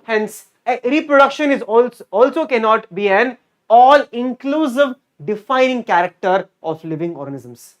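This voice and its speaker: A male teacher giving a lively online exam-prep lecture. He repeats key words and keeps quizzing his students. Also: extremely high pitch, moderate pace. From India.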